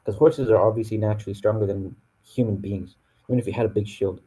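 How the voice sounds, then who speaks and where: Relaxed low-voiced man teaching. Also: fast, slightly rough, low-quality recording. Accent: North American English. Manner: relaxed, full of fillers and restarts. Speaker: Quran teacher. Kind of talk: casual classroom explanation.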